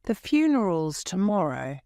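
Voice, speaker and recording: A woman's voice: lowish voice, big pitch swings, a little slow, gravelly, mellow, dry recording, clean studio sound, exaggerated voice. A woman voicing an eager young man explaining family news in a storybook reading. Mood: earnest.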